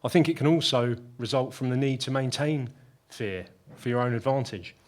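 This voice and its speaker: A man speaking on a debate panel in a careful, measured, hedging way. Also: mid-range voice.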